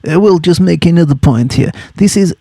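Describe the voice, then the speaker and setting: A man teaches students about a novel in a loose, chatty, playful way, hammering home the points they need to write down. His voice is gravelly and mellow, sitting a bit high for a man. The recording is dry and close. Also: normal speed, no echo. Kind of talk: study guide explanation.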